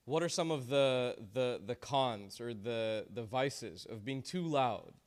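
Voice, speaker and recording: A man leads a group lesson, cracking jokes and cheering on each answer. His voice sits at an everyday middle pitch. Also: animated, slow pace. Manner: joking, encouraging, uses Islamic phrases. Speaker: teacher leading a class. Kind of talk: interactive class discussion.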